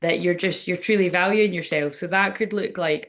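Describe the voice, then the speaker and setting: A woman's voice: on the low side, moderate pace, few pauses, a bit bright. A woman doing a casual live tarot reading, chatty and rambling, and swearing freely. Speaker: tarot reader.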